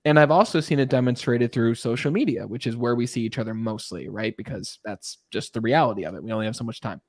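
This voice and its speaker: A man's voice: medium pitch, quick pace, dry recording, studio quality. A man hosting a podcast, enthusiastically posing long, layered questions to his guest. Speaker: podcast host. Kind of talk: interview conversation.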